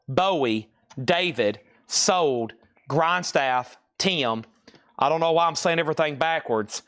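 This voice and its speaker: A man's voice: fairly high pitch, fairly bright tone. Man calling a live record sale. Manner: rapid lot calls and bid tallies with casual asides. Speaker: live auction seller. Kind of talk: live-stream record auction.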